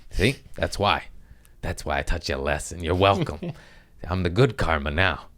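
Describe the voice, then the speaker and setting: A man hosting a comedy podcast, rambling in casual chat while high, self-mocking and breaking into fits of laughter. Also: animated, moderate pace, fairly bright tone. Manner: giggly, stoned, self-mocking with bursts of laughter.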